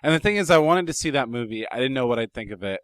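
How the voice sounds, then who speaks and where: A man's voice: mid-range voice, lively intonation, fast talker, fairly bright tone, clear, resonant tone, no echo. A man co-hosting a podcast in casual chat, blunt, swearing casually and telling stories. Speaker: podcast co-host.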